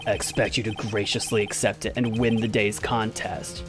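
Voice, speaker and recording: A man voicing a menacing male kidnapper in a game, speaking slowly and low with mock courtesy. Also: level tone, over music, natural voice. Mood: silkily menacing.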